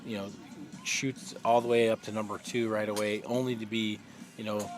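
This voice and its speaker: A man's voice: fairly low pitch, flat delivery, moderate pace, over music. A man giving live long-drive golf commentary, chatty and explanatory, often using fillers.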